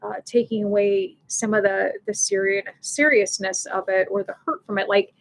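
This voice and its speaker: A woman's voice: medium pitch, steady tone, normal speed. Rambling middle-aged woman hosting a livestream. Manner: rambling, restarts a lot, laughs often. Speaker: pet loss support livestream host. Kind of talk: casual livestream chat.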